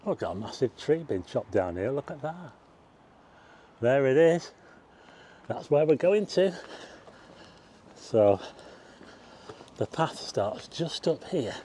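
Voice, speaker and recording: A man's voice: mid-range voice, big pitch swings, takes it slowly, long pauses, dark tone, breathy edge. An older man chatting to viewers as he drives and climbs a hill, exclaiming and getting out of breath. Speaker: walking vlogger. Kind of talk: casual vlog narration. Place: outdoors, driving then hillside walk.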